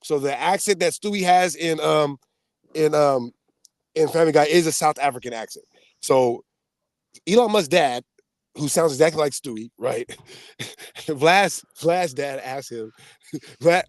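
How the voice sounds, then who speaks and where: A man co-hosting a podcast in casual chat, telling stories in an animated way with frequent laughs and high pitch leaps. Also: measured pace, pauses often, no room sound. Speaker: podcast co-host.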